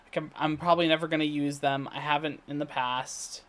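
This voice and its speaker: A man talking casually in a daily video diary, rambling and halting with many fillers, restarts and throat clearing. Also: fairly high pitch, steady tone, a bit bright. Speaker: vlogger. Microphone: computer recording setup.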